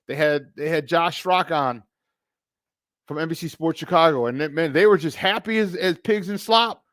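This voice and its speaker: Fired-up sports talk host, dry sound. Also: male voice, a little high, normal speed, no room sound. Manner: animated and emphatic, repeating phrases for effect; greets chat viewers by name.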